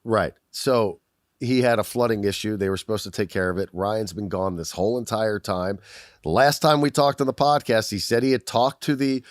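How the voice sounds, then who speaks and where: A man with a fairly low voice talks on a casual podcast, cracking self-deprecating jokes and riffing loosely. His voice is recorded close and dry, with no echo. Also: fairly even intonation, moderate pace. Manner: jokey, self-deprecating banter. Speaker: podcast co-host. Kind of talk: casual chat.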